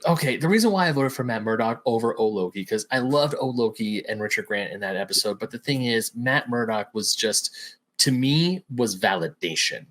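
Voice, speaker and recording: A man co-hosting a casual podcast, explaining his award picks with excitement. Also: mid-range voice, fairly quick. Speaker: podcast co-host.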